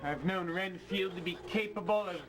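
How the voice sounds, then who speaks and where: A man's voice: sits high, very noisy, lightly acted. An actor playing a composed male asylum doctor who speaks formally in an old game. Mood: calm. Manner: formal, measured. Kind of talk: FMV game acting. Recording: game audio with loud music.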